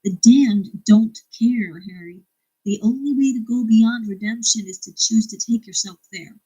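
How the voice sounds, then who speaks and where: A woman reading aloud the lines of a gentle older man giving earnest counsel, in a husky, breathy voice. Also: a little high, measured pace, rough recording.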